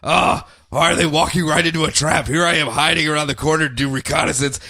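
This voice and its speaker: A grumpy, exasperated male superhero, put on by a man grumbles to himself about his teammates. His voice sits a little higher than usual and lands dry and close, with no room echo around it. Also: steady tone, fast talker, vocal fry, pushed and bright, full character voice.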